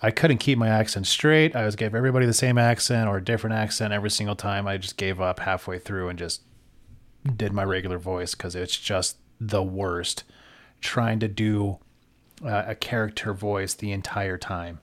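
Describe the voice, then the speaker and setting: A man co-hosting a podcast, chatting casually with quick, laughing enthusiasm. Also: on the low side, fairly even intonation. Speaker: podcast co-host. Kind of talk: casual interview chat.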